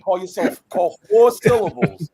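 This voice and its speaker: Hyped up guy cohosting a podcast, playful, punches words out loud. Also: sits high, unhurried, breathy edge. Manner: excitable and playful, with sudden bursts of emphasis. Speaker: podcast co-host. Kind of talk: casual interview chat.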